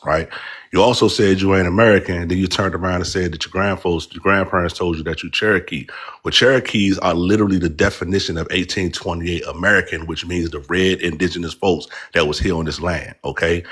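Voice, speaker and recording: Fast, emphatic low-voiced man. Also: fairly bright tone. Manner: fast, emphatic, preachy, repeats "bruh". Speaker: debate participant. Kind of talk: online debate rebuttal. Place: voice call in a live online room.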